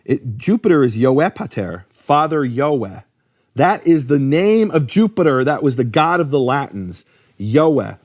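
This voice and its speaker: A man explaining at length in a relaxed, conversational way, often restarting his sentences and filling pauses with "um" and "uh". His pitch sits in a middling range. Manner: lively, many fillers and restarts. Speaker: Bible teacher. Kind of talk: casual explanatory talk.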